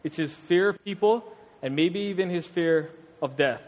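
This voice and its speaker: Animated preacher in a reverberant hall. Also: male voice, a little high, moderate pace. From Hawaii. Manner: conversational, animated, street slang. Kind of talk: casual slang-filled sermon. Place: church hall.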